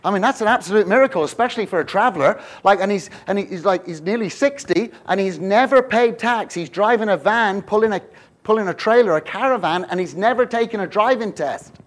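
A middle-aged man preaching a sermon, telling stories with lively swings from hushed to shouting. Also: high voice, fairly quick.

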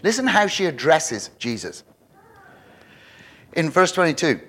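A man preaching a sermon, animated and emphatic, with frequent restarts. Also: a little high, unhurried, pauses often. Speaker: pastor.

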